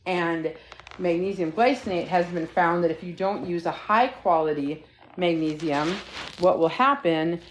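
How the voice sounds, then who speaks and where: A woman's voice: fairly low pitch, measured pace, slight background noise. A woman hosting a casual live stream, rambling and chatty as she talks to viewers and her dog, recorded on a phone. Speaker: livestream host. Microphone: phone livestream.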